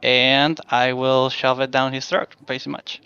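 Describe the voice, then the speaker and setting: A man's voice: medium pitch, level tone, measured pace, bright, forceful tone, smooth, dry recording, lo-fi sound. A man playing a tabletop game, chatting hesitantly as he describes his character's actions. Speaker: player. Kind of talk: casual tabletop play.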